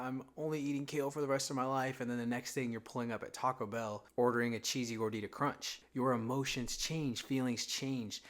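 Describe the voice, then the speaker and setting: A man's voice: medium pitch, fairly bright tone. A young man giving a casual, conversational faith talk, now and then acting out his own inner thoughts. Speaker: Christian content creator.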